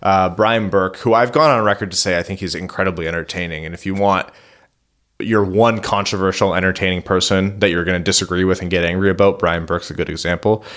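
Low-voiced man chatting sports casually. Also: steady tone, quick pace, a bit bright. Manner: rambling, filler-heavy, laughs often. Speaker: podcast co-host.

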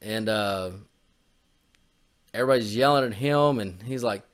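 A man's voice: fairly low pitch, normal speed, pauses often. A man co-hosting a podcast, rambling in casual chat and swearing a lot. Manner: rambling, swears often, drawls. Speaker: podcast co-host.

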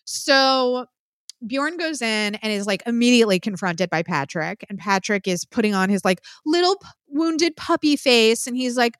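Swearing, smooth-voiced woman podcaster. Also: a little high, normal speed, no echo, studio quality. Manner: profane, lively storytelling. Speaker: podcast co-host. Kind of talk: casual film recap chat.

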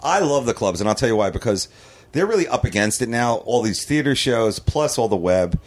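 A man's voice: medium pitch, lively intonation, a little fast. A man chatting as a comedian guest on a podcast, rambling, trailing off mid-thought, restarting sentences and chuckling at his own stories. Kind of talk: casual podcast chat.

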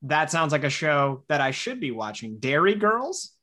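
A man's voice: fairly high pitch, big pitch swings, normal speed, bright, forceful tone. A man from Wisconsin co-hosting a casual podcast, curious and a little rambling as he talks. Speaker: podcast co-host. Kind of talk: casual chat.

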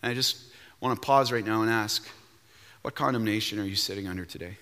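A man preaching a sermon as pastor, emphatic and animated, now and then breaking into song. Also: fairly low pitch, fast talker, long reverb tail.

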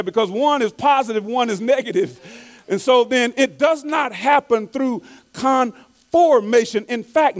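Male preacher with a high voice, delivers a sermon, repeats key lines, restarts often. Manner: repeats key phrases for emphasis, reads quotes slowly.

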